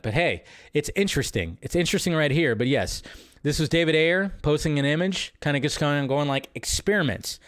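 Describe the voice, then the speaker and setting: A man hosting a live movie news stream, chatting casually in a rambling way and often repeating his phrases. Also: on the high side.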